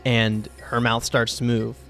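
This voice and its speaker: A man's voice: medium pitch, completely flat delivery, a little slow, gravelly, fairly bright tone, soft background music. A man narrating as game master, hesitant and filling with "like" and "um". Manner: hesitant, full of "like" and "um".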